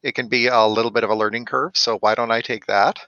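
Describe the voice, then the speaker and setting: A man's voice: medium pitch, steady tone, fast talker, bright, forceful tone, dry recording, dull audio. A man talking casually, explaining his character choice in an upbeat, helpful way as the experienced player. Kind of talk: casual chat.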